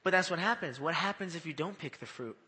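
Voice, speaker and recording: A man delivers a sermon in an animated, conversational manner, often tossing "right?" to his listeners. His voice sits a bit high and sounds bright and forceful. The sound carries a long hall reverb. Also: fast. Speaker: preacher.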